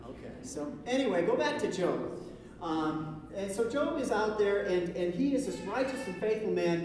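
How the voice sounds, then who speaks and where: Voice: mid-range voice, noisy background. A pastor preaching a conversational sermon, asking rhetorical questions and often restarting his sentences. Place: church sanctuary. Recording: echoey hall recording from far off.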